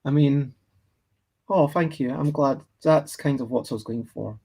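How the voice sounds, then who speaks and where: A Scottish man talks unhurriedly as he sketches for his livestream viewers, thinking aloud and answering chat comments along the way. His voice is gravelly and a little husky, with a warm, dark tone. He meanders gently from one idea to the next. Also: medium pitch, a little slow. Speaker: livestreaming artist. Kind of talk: casual chat while drawing.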